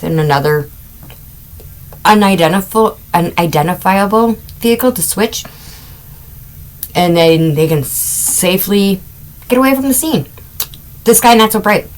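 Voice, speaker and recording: Casting note: middle-aged woman, podcast host, unhurried chatty storytelling, lower voice. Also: rough recording. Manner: chatty, wandering asides, amused laughs. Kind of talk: casual true-crime podcast storytelling.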